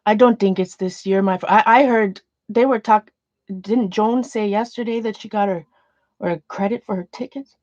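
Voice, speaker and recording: A woman's voice: mid-range voice, moderate pace, darkish tone, no room sound, dull audio. A woman chatting casually as she sorts her art supplies, rambling, trailing off and restarting her sentences. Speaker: art journaling vlogger. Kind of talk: casual chat while sorting art supplies.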